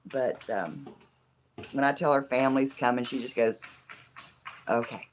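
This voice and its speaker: A middle-aged live stream host with a scratchy, hoarse voice, chatting casually with viewers and rambling with lots of fillers. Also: medium pitch, moderate pace. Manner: rambling, chatty, many fillers like "you know". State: hoarse from laughing.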